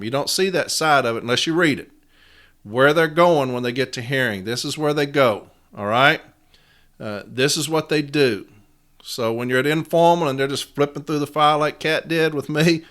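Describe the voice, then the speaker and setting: A man's voice: mid-range voice, fairly bright tone. A man hosting a podcast, talking passionately and repeating his phrases for emphasis. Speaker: podcast host, union advocate. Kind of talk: casual podcast monologue.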